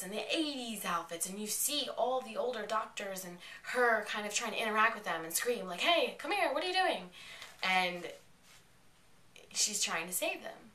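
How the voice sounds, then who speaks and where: A woman giving a chatty, excited recap of a television episode. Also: lowish voice, a little hiss or hum. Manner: excitable, chatty retelling with quoted lines. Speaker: vlogger reviewing an episode. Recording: echoey room, mic at a distance.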